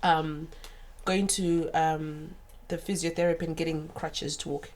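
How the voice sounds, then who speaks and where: A woman's voice: deep voice, flat delivery, unhurried, darkish tone. A woman in her forties telling a personal story as a guest in a sofa chat. She talks earnestly and openly, and she acts out other people's remarks. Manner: earnest and open about painful memories. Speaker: podcast guest.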